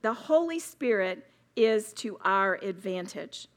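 A woman's voice: medium pitch, animated, slow, a bit bright. A woman speaking at a women's retreat, preaching emphatically and repeating words for stress. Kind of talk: sermon.

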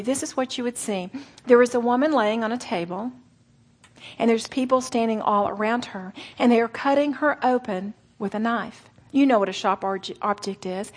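A middle-aged woman delivers a sermon to a room of women, her voice somewhat husky. She pitches a touch higher than most women. She slows right down for emphasis and sometimes sinks into a whisper. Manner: earnest, with slow emphatic phrases and soft whispered asides. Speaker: speaker at a women's gathering.

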